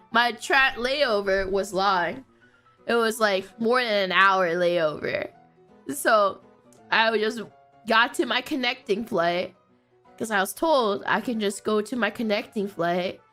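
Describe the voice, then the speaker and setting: A woman streamer telling a story in a casual way, animated and often breaking into laughter. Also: medium pitch, slow pace, soft background music.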